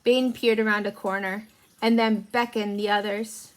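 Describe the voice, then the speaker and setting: A woman teacher reading a chapter book aloud to children, in a clear storytelling manner. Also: mid-range voice, flat delivery, normal speed. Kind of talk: children's read-aloud narration.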